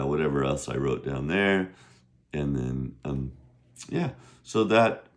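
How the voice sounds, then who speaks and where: A man teaching Mandarin vocabulary in a casual, patient way, slowly modeling each word's pronunciation with lively jumps in pitch. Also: gravelly. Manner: bursts of high pitch when modeling Chinese tones.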